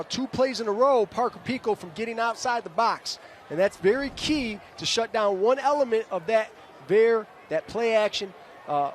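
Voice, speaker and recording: A man, a former linebacker, giving color commentary who explains plays like a coach. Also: sits high. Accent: Michigan. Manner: coaching-minded, explains plays, tags lines with "right?". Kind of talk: live football color commentary. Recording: broadcast booth with stadium noise.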